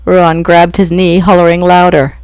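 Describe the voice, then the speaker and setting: An author reading a novel aloud, with steady, even narration. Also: mid-range voice, moderate pace, smooth, dry recording. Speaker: author reading own book. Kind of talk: audiobook reading.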